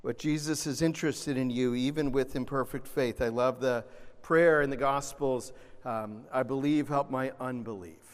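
A man preaching a sermon, animated, swinging between loud emphasis and soft, gentle asides. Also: medium pitch, moderate pace, smooth. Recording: long reverb of a large hall.

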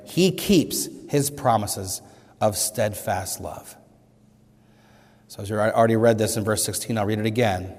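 Earnest throughout, a man delivers a sermon as pastor, lifting his voice with emphasis on scripture quotes. His pitch is fairly low and his tone darkish, echoing with the long reverb of a hall.

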